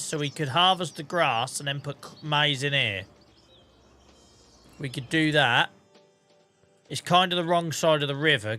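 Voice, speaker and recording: A man streams a game live, chatting loosely with viewers, thinking out loud and dropping the odd swear word. He sounds tired and worn down by a headache, yet his voice stays bright and forward, mid-pitched, with faint music underneath. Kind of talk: casual live-stream chat while playing.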